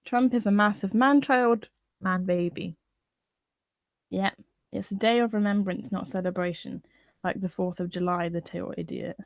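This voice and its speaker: A woman's voice: medium pitch, fairly even intonation, moderate pace, gravelly, no room sound. A woman venting in a profane, scornful live-stream rant. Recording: dull lo-fi dry sound.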